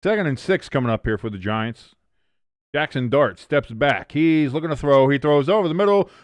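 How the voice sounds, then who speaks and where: A man streaming a casual watch-along, calling the plays live and reading chat aloud, who gets loud and stunned at big plays. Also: medium pitch, moderate pace, clear, resonant tone, no echo. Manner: excitable, shouts in disbelief at big plays, reads chat aloud. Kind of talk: casual live play-by-play commentary.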